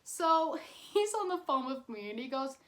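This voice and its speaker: High-voiced young woman, animated storytelling. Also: measured pace. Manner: animated, emphatic, swears and laughs while telling. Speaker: vlogger. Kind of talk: casual bedtime storytelling.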